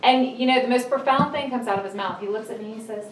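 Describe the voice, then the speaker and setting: A woman's voice: a little high, quick pace, soft background music. A middle-aged woman preaching a sermon in a conversational way, telling personal stories and acting out scenes. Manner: conversational and animated, acting out scenes with sudden raised voices. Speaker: speaker at a church or ministry talk. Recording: roomy, distant mic with faint ambience.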